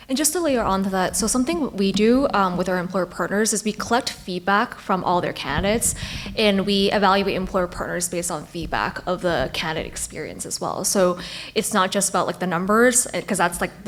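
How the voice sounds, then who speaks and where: A woman's voice: mid-range voice, a little hiss or hum. A woman panelist building on others' points in a casual way, often saying "like". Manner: casual, sprinkles in "like". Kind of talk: panel discussion answer.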